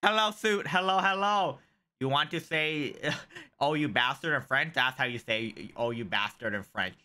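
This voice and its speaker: A man streaming live, reacting to stories with giggly, animated commentary and drawn-out exclamations. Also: medium pitch.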